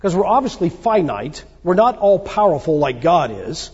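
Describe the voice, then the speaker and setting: A man preaches to a congregation in a conversational way, asking questions and pausing on fillers. His voice is mellow and a little husky, with a lively rise and fall. The recording is dull and carries the long reverb of a large hall. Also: high voice. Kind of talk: sermon to a congregation. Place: church hall.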